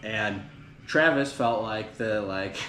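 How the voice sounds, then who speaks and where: A deep-voiced man chats on a podcast and drifts through a long story full of ums and likes. The room is echoey, with a clear layer of background noise under him. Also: expressive, slow, a bit bright. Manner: rambling, many fillers, retelling band history. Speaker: podcast host. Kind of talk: casual podcast chat.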